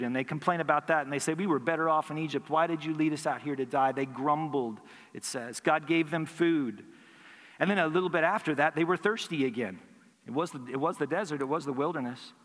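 A man's voice: fairly high pitch, fairly bright tone. A man preaching a sermon as pastor, earnest and building emphasis through repeated phrases. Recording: hall reverb.

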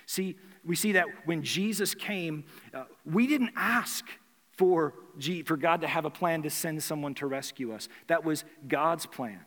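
A man's voice: on the high side, unhurried, fairly bright tone. Man preaching in a reverberant hall. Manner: conversational preaching with rhetorical questions and restarts. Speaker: pastor. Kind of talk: sermon.

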